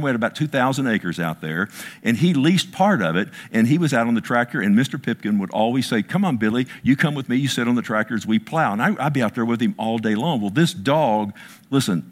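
A middle-aged man preaching a sermon, telling a personal story with emotion and stumbling restarts. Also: fairly low pitch. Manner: storytelling, emotional, repeats words. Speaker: pastor.

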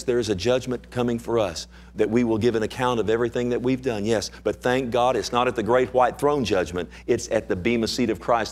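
Fervent preaching man, rising and hushed. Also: medium pitch. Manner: preaching with rising fervor, then dropping to soft pleading. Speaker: pastor. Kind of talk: sermon.

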